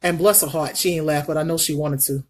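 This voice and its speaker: A middle-aged woman vlogging her makeup routine while telling a story in an animated, folksy way. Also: sits low, fast talker, slightly rough. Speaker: beauty vlogger. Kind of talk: casual makeup vlog storytelling.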